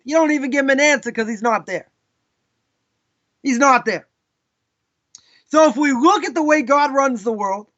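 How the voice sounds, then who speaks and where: A man with a Boston accent teaches a live Torah class as a rabbi, his voice very high and bright. He tells stories and acts out people's questions in quoted voices. The audio is dull and lo-fi, like a live stream.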